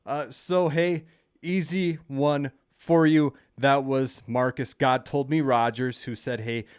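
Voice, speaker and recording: A man's voice: takes it slowly, smooth, no echo, studio quality. A man hosting a quiz video, chatting casually and often throwing in "hey" and "uh" between lines. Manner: chatty, peppered with "hey" and "uh", lively pitch swings. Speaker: channel host running a quiz game.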